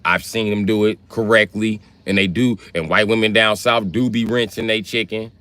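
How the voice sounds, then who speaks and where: Crude joking man with a low voice. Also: fairly even intonation, moderate pace, sharp tone, no echo. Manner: crude, joking, rambling banter. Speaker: live streamer. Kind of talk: casual live-stream chat, reading viewer comments.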